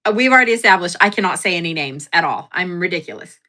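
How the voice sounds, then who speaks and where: Bright-toned giggly woman livestream host. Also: lowish voice, expressive, quick pace. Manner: giggly, self-deprecating, rambling with fillers. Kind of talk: casual livestream chat.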